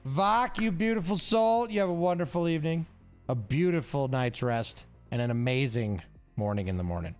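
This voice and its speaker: A man's voice: on the high side, normal speed, smooth. A man streaming live and thinking aloud as he sounds out word guesses and greets his chat. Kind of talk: casual live-stream chat while solving a word puzzle. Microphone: headphones with mic. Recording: faint music behind.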